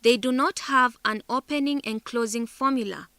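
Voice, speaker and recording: A woman narrating a scripted English lesson in a deliberate way, carefully sounding out syllables and example words. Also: fairly high pitch, fairly bright tone, smooth, no echo. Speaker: teacher narrator.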